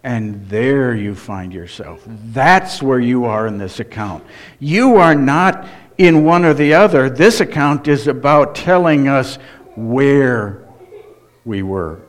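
A male pastor delivering a sermon at an unhurried pace, in a voice of ordinary middle pitch. He speaks earnestly and with emphasis. He keeps turning to the listeners with direct questions. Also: animated.

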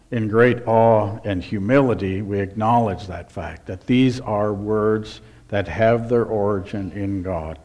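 A man's voice: on the low side, darkish tone. A man pastor preaching a sermon in church, asking rhetorical questions and reading scripture aloud.

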